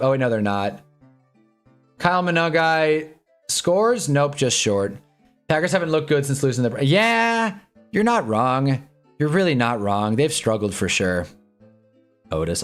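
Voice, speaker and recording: A young man casually reacting to live football games on a stream, swinging from low muttering to excited yelling at big plays. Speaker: sports streamer. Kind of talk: live football watch-along commentary. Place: home streaming room with green screen.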